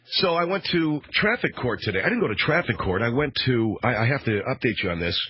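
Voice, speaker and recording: A man's voice: medium pitch, sing-song, brisk, slight background noise. A man hosting a radio talk show, rambling through a sarcastic, mock-outraged monologue. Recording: dull, dry radio broadcast.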